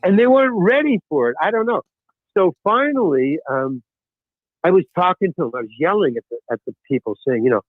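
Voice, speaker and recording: An older man spins long anecdotes in an animated way, his voice rising and falling a lot and sitting fairly high for a man. The sound is thin and phone-like, with a dry, close feel. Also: fairly quick, no room sound. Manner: animated anecdote-telling, frequent restarts. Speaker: podcast guest. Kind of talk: storytelling in casual chat.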